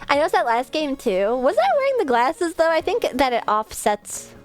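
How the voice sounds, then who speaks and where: A woman's voice: high voice, sing-song, moderate pace, faint music behind. A woman VTuber streaming from her home setup, chatting casually, rambling and swearing now and then, with a desk mic set a bit far off. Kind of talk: casual live-stream chat.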